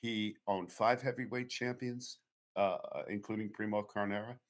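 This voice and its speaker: A guest author from the Boston area spins long, digressive anecdotes during a storytelling interview. His voice is lowish and steady, at a moderate pace.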